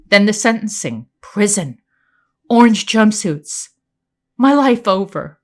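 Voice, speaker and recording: A woman narrating a first-person audiobook in an expressive, animated storytelling manner. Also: mid-range voice, slow pace.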